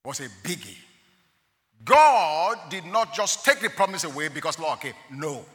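Animated male preacher in a big reverberant hall. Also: fairly high pitch, normal speed. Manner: animated preaching with sudden loud rises and quiet drops. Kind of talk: sermon.

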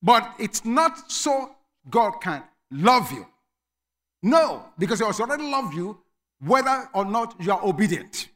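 A man preaching a sermon as pastor, emphatic, dropping to quiet asides and rising to shouted commands. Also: sits high, very animated, a little slow.

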